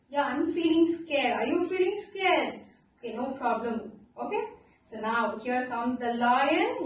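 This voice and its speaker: A woman teaching a class of young children, with an Indian English accent, animated and playful, asking questions and spelling words out slowly. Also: high-pitched, very echoey, distant mic, rough recording. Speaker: primary school teacher.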